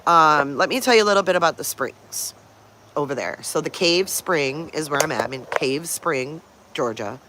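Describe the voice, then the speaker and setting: Style: casual livestream chat. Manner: chatty, greets viewers by name, breaks off to coo at pet dogs. Pitch: medium. Role: host. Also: lively intonation, normal speed, pushed and bright, slight background noise.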